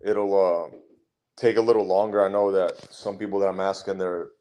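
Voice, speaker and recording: A man's voice: sits low, steady tone, moderate pace, dark tone. A man being interviewed as a guest fighter, talking bluntly and rambling with lots of swearing. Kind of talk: casual interview chat.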